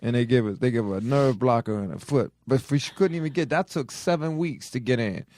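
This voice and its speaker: A man's voice: mid-range voice, a little fast, darkish tone, dry recording, studio quality. A man, co-hosting a comedy podcast, telling a story in a repetitive, exasperated, drawling way. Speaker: podcast co-host.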